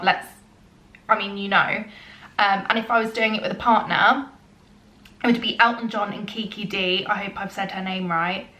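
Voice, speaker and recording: Chatty young woman vlogger, roomy echo. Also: mid-range voice. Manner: chatty, earnest, frequent ums, turns soft and emotional. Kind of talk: casual get-to-know-me Q&A.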